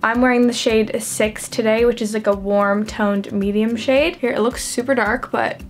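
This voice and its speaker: A woman's voice: fairly high pitch, fairly even intonation, normal speed, a little hiss or hum. A young adult woman chatting through a makeup routine, self-deprecating and filling her talk with "like". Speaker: beauty vlogger. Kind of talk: casual makeup tutorial chat.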